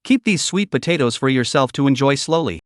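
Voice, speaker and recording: A man's voice: medium pitch, lively intonation, fairly quick, dry recording, studio quality, natural voice. A man voicing a wealthy young man who speaks in a cool, mocking way. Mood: scornful. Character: wealthy young man, calm but scornful.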